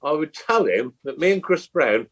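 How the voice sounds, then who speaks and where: A man on a casual football podcast, jokey and excitable in the banter. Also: on the high side, normal speed. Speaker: podcast regular.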